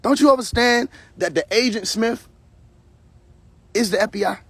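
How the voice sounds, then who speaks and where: Husky, fired-up man ranting on a live stream. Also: high-pitched, normal speed, no echo. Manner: confrontational, preachy, profane, repeats phrases. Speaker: livestream host. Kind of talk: heated casual rant on a live stream.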